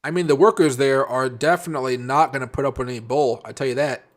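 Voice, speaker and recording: A man's voice: medium pitch, fairly even intonation, quick pace. Chatty man hosting a live stream. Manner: rambling, answers viewer chat by name, many fillers. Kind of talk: casual live-stream chat.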